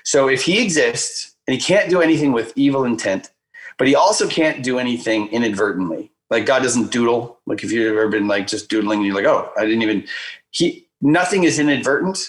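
A man telling a personal story in a casual conversation, animated and filler-heavy, acting out the voices he quotes. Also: mid-range voice, brisk, low-quality recording. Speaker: guest speaker.

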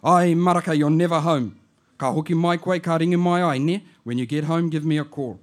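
A man doing a loud, laughing old auntie. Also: fairly high pitch, a little fast, pitched above the performer's own voice, lightly acted. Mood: chatty. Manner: loud, laughing, mixes in Māori words. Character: boisterous elderly aunt, loud and teasing. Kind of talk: comic voice in a spoken-word poem.

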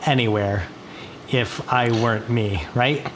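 A man's voice: medium pitch, steady tone, slow, a bit bright, slight background noise. A man co-hosting a casual podcast in a laid-back way, laughing often and swearing. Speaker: podcast co-host. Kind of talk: casual chat.

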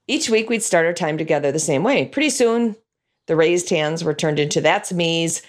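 A woman's voice: sits low, normal speed. A woman who teaches a children's Bible class tells a story about it, acting out lines and sound effects. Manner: animated, acts out lines and sound effects in voices. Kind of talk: storytelling to an audience.

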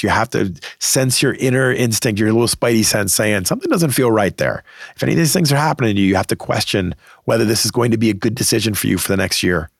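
A man's voice: fairly low pitch, vocal fry, dry recording, studio quality. A middle-aged man from the Boston area hosting an advice podcast, talking emphatically and conversationally and acting out the people he quotes. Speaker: podcast host giving career advice.

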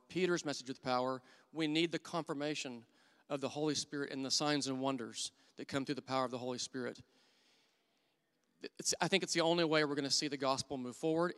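Middle-aged male church elder, sermon storytelling, earnest, smooth clear voice, church hall reverb. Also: medium pitch. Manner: earnest storytelling, drops to hushed voice for quoted thoughts. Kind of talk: sermon with personal stories.

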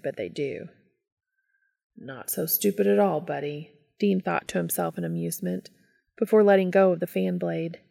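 A woman reading a romance story aloud in calm, steady scripted narration. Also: mid-range voice, gravelly, no room sound. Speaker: fan fiction reader.

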